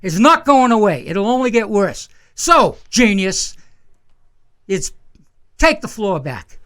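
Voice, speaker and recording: An angry resident, a man, gives a heated public comment at a town meeting. His voice sits unusually high for a man, and he presses his point again and again without letting up. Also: very animated, slow pace, a bit bright. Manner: heated, insistent, repeats himself.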